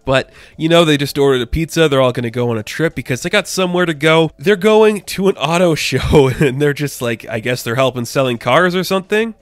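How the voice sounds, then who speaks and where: A man's voice: on the high side, a little fast, few pauses, dry recording. A young man giving a casual comic book review, rambling and enthusiastic with lots of filler words.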